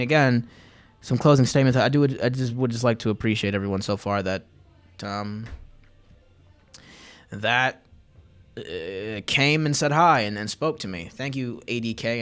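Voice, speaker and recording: A young man hosts a casual livestream, talking straight to his viewers in a loose, rambling way. His voice is smooth and clear, set at an ordinary middle pitch. He drifts between topics with plenty of fillers. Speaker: podcast host and livestreamer.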